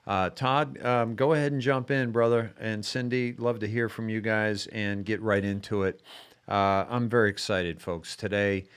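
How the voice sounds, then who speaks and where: A man's voice: fairly low pitch, steady tone, moderate pace, clear, resonant tone. A man hosting a live-streamed show in casual chat, rambling with many restarts and fillers.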